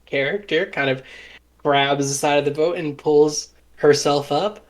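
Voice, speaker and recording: A man running a tabletop game as game master, narrating in a relaxed way full of fillers. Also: a little high, a little slow.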